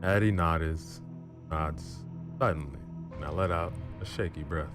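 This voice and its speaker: A male storyteller with an extremely low, booming voice reads a story in the first person, dramatic and measured. Music runs behind him throughout. He closes as the channel's host.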